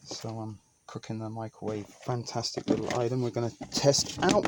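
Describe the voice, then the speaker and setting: A man's voice: on the low side, little pitch movement, normal speed, very noisy. A man vlogger talking casually and rambling off the cuff at home, with some mild swearing. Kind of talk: casual vlog narration. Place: small indoor home space.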